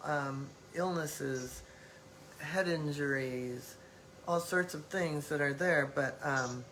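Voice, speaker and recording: A woman's voice: sits low, a bit bright, slight background noise, low-quality recording. A woman hosting a live-stream talk, speaking reflectively in loose phrasing with many fillers. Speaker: host.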